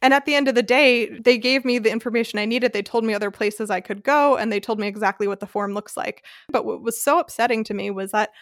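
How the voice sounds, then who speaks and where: An American woman hosting a podcast, telling a personal story in a casual, animated way and acting out the voices she quotes. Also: fairly high pitch, fast talker, no room sound, clean studio sound. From United States. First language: English. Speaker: podcast host.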